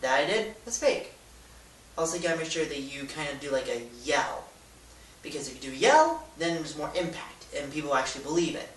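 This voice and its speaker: A man hosting a casual how-to vlog, talking in a goofy, rambling way with loud demonstrations. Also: fairly high pitch, sing-song, brisk. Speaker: YouTuber. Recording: echoey room, distant mic, hiss.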